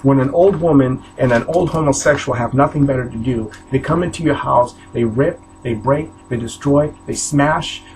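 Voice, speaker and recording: A man's voice: mid-range voice, a little mellow, a little hiss or hum, low-quality recording. A man in his forties from New York State gives an impassioned warning sermon to the camera. He repeats himself and stammers through restarts. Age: 40s. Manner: repetitive, halting, stammering restarts, preaching cadence. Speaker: self-styled preacher.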